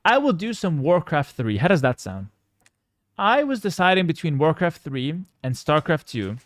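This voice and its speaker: A man's voice: fairly high pitch, sing-song, moderate pace, dry recording. A young man, streaming and commenting on a game with cocky, joking banter toward his chat. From Canada. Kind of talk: casual live-stream gameplay commentary.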